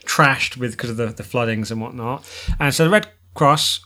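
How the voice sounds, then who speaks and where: A man's voice: medium pitch, moderate pace, pushed and bright. A man hosting a podcast, telling a rambling story in a sweary, casual way and laughing easily. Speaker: podcast host and editor.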